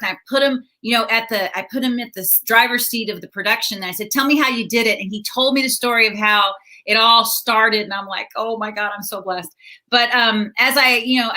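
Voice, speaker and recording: A middle-aged woman comedian telling stories in a casual interview, chatty and quick to laugh. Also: on the high side, sharp tone. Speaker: stand-up comedian and counselor.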